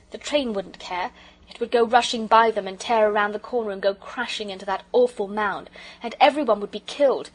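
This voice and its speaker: A woman narrating a children's audiobook with expressive storytelling. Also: mid-range voice, low-quality recording.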